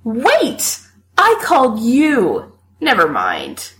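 A woman's voice: on the high side, wildly swooping pitch, very slow, fairly bright tone, voice pushed up, full character voice. A woman voicing a drunk, angry young man who curses and rants. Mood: drunk sulky. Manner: slurred cursing, dramatic outbursts.

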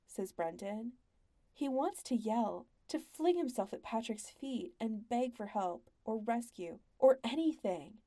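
A woman narrating a story in an even, measured audiobook style. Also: medium pitch, gravelly.

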